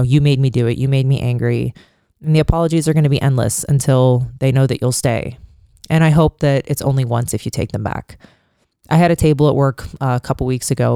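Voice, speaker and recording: Casual guy telling stories, swears a lot, warm smooth voice, dry close sound. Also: medium pitch, dry recording. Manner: frank and profane, many filler likes. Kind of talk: casual monologue storytelling.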